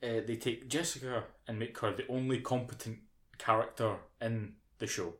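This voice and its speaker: A man's voice: medium pitch, fairly even intonation, normal speed, fairly bright tone. A British man co-hosting a podcast, ranting casually with lots of swearing and mocking impressions. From United Kingdom. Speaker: podcast co-host. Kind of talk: casual chat.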